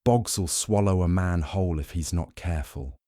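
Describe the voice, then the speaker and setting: Brief: gruff, guarded Yorkshire estate groundskeeper, played by a man, thick Yorkshire accent, dry close sound. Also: deep voice, moderate pace, mellow, dry recording, lightly acted. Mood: wary. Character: wiry weathered male Yorkshire groundskeeper, wary.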